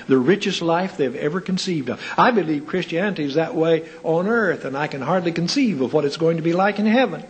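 A man's voice: expressive, fairly quick, hardly any pauses, slight background noise, poor audio. A man preaching a sermon, asking rhetorical questions and telling anecdotes with dry humor. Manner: rhetorical questions with wide pitch swings.

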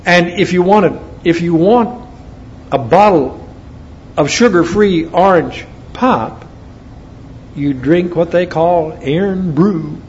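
An American man delivers a sermon in a slightly high voice, breaking from scripture into homey, folksy asides. The recording is dull and lo-fi, with a faint hiss of noise behind him. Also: takes it slowly, darkish tone. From United States. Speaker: preacher.

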